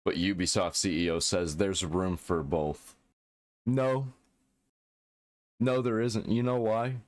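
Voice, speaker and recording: A man's voice: sits low, slow pace, dry recording. A man hosting a casual reaction commentary, talking back at a clip in a blunt, opinionated way. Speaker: reaction host.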